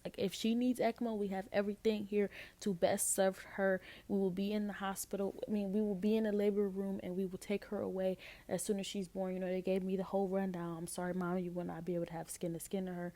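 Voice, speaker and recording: A woman's voice: medium pitch, dark tone. A young woman hosting a podcast, telling a personal story in a candid, emotional way, with lots of "like". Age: young adult. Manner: emotional, candid, with frequent fillers like "like". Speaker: podcast host. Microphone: changed to a lower-quality mic partway.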